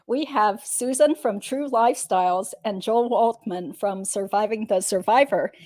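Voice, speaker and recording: Lawyer lady hosting, reads legal stuff out matter-of-fact, mellow voice. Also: on the high side. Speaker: host and lawyer. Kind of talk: reading a legal transcript aloud.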